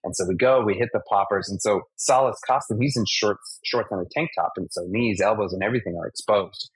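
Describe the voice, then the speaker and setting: Man, 40s, stunt performer guest, husky, vivid storyteller. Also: fairly low pitch, fairly quick, dry recording, rough recording. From United States (Massachusetts). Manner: animated anecdotes, acts out impacts and sound effects. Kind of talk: casual storytelling interview.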